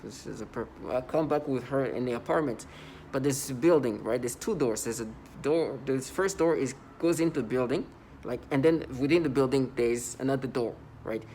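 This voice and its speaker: A man talking in a casual vlog monologue, rambling and halting, with many restarts and stammered repeats. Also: medium pitch, warm tone, a little hiss or hum. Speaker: vlogger.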